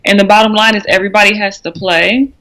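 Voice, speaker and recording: A young adult co-host talks through a podcast in a casual, bluntly opinionated way, often restarting sentences mid-thought. The voice has a bright, forward ring at a middling pitch. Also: fairly even intonation, fast.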